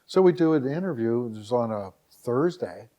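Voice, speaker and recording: Middle-aged man from Northeast Ohio, podcast guest, warm mellow voice, lively and chatty storyteller who acts out dialogue. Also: medium pitch, moderate pace. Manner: animated anecdote teller who acts out dialogue and keeps repeating "all of a sudden". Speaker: podcast guest, website founder. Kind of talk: casual storytelling interview.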